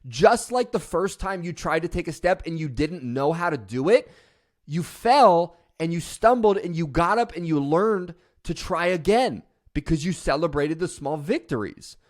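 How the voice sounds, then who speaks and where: A man's voice: a little high, lively intonation, normal speed. A man giving a passionate, emphatic motivational talk. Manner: passionate, emphatic, mocking voice at the start. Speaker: motivational speaker.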